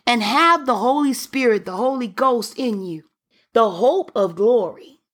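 A woman's voice: a little high, animated, measured pace, a bit bright. A woman preacher delivering a fervent sermon, reading scripture aloud and breaking in with exclamations.

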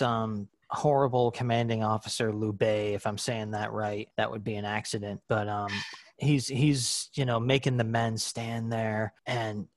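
A man's voice: lowish voice, dry recording. Enthusiastic rambling male podcaster. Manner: rambling, enthusiastic, many restarts. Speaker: podcast co-host. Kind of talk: casual comic book discussion.

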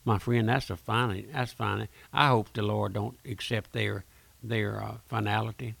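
A man's voice: lowish voice, fairly even intonation, unhurried, gravelly, a bit bright, no room sound. A man preaching a fervent radio sermon, pleading with listeners and often calling them "my friend". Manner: pleading, repeats "my friend", addresses listeners directly. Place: radio studio.

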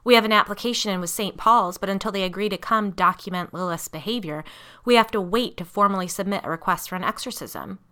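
A man's voice: sits high, fast, bright, forceful tone, clean tone. A woman reading a horror story aloud, voicing a shaken middle-aged father who talks in a tense, clipped, exasperated way.

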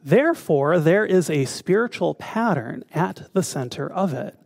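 A man with a slightly high voice gives a relaxed spiritual talk as a minister. He often turns to his listeners with questions. The sound is dry and close, with no room echo. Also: measured pace, creaky. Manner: conversational, asks the audience questions.

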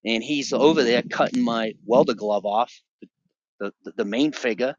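A man's voice: mid-range voice, normal speed, no room sound. A man as a podcast guest, telling his personal faith testimony in an earnest, emotional way and repeating himself for emphasis, on a dull lo-fi recording. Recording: dull lo-fi dry sound.

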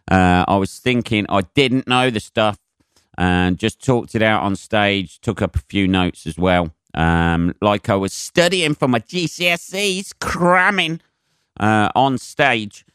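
A low-voiced man rambles through his solo podcast, swearing freely and leaning on fillers. His voice is smooth and clean. The sound is close and dry, with no room around it. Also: no echo. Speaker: podcast host and stand-up comedian. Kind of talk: casual solo podcast chat.

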